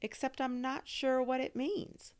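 A woman reading aloud and voicing an eager, curious young boy who fires off excited questions. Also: sits high, measured pace, pitched above the performer's own voice. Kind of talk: audiobook reading.

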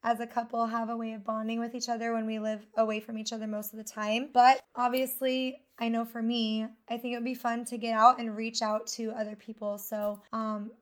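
Upbeat woman co-hosting a podcast, slightly high. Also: level tone, brisk, hardly any pauses. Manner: friendly, upbeat, laughs easily. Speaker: podcast co-host. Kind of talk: casual chat.

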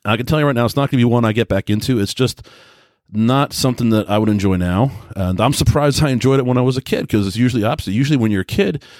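Man, 40s, solo podcast host, rambling, self-deprecating, lots of restarts, mid pitch, dry close sound. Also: fast talker, darkish tone, no room sound. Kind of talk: casual solo podcast monologue.

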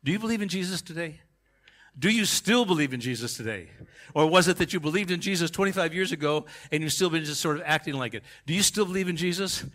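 A male pastor preaching a sermon, emphatic, swinging from quiet asides to shouted climaxes. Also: fairly high pitch, quick pace.

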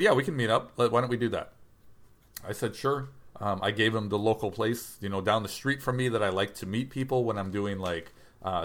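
Here a man with a lowish, fairly bright voice tells a long, casual tale about buying old toys, which he resells. He rambles and corrects himself, and he gets livelier when quoting others.

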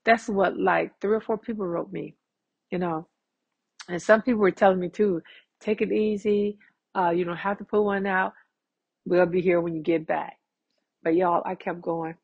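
A woman's voice: fairly low pitch, fairly even intonation, normal speed, gravelly, long pauses, a little mellow, husky, dull audio. A woman hosting a casual solo podcast from home, chatty and talking straight to her listeners as "y'all.". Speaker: podcast host.

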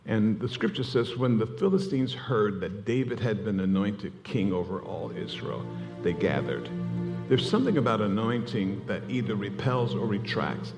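A man's voice: lowish voice, moderate pace, few pauses, darkish tone. A man preaching a sermon, telling a story with energy and acting out the voices of the people in it. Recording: hall reverb with music behind. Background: music.

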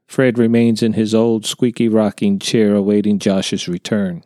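Slow, calm male narrator. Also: lowish voice, no room sound, clean studio sound. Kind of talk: storybook narration.

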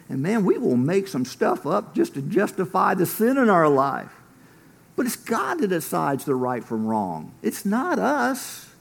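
A man with a fairly high voice and a gravelly edge delivers a sermon from the pulpit. He preaches earnestly and tells stories from his ministry, often dropping in a casual "man". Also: a little mellow. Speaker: pastor.

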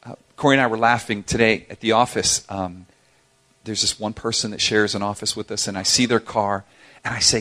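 A man's voice: lowish voice, a little fast. A middle-aged man preaching a sermon as a pastor, telling stories with playful asides. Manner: animated storytelling with playful asides.

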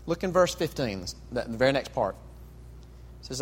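Animated male preacher in an echoey hall. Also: medium pitch, fast, breathy edge. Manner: animated, conversational, frequent restarts and rhetorical questions. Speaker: pastor. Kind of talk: sermon. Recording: echoey hall with long reverb.

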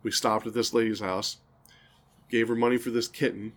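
A man's voice: medium pitch, level tone, moderate pace, a bit bright. A man co-hosting a podcast, telling long, rambling stories and laughing at them in casual chat. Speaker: podcast co-host.

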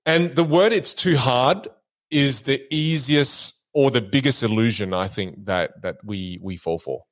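A man's voice: mid-range voice, unhurried. A man, a magician and keynote speaker, chatting casually on a podcast and telling stories with lots of energy. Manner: animated storyteller, repeats words when excited.

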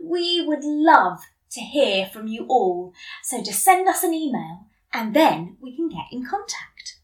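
A woman hosting a children's podcast, reading a story aloud in a gentle, animated way. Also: high voice, unhurried, reverberant, recorded from a distance. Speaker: podcast host. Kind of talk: kids' podcast narration.

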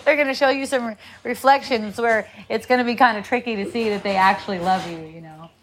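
A woman's voice: fairly high pitch, fairly quick, a bit bright. A middle-aged woman telling a story about her sons in a casual chat, laughing often and rambling with many restarts.

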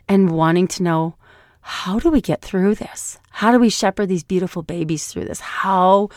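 A middle-aged woman talks straight into the mic on her own podcast, her voice hoarse from weeks of being sick. She is blunt and emotional, pouring out her heart. The sound is dry, with no room around it. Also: mid-range voice, a little mellow, no room sound. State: hoarse from illness. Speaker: podcast host. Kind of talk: personal podcast monologue.

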